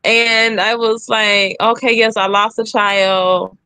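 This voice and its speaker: A woman's voice: fairly high pitch, flat delivery, takes it slowly, pushed and bright, smooth, dry recording. A young woman candidly telling her own story, re-enacting the lines of others with emphasis. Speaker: guest sharing her story.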